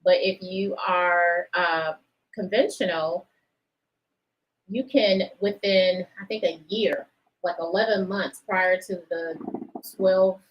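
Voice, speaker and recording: A woman's voice: fairly low pitch, fairly even intonation, slow, muffled recording, a little hiss or hum. A woman guest on a radio show, a realtor, explaining with hesitant fillers. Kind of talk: casual radio talk.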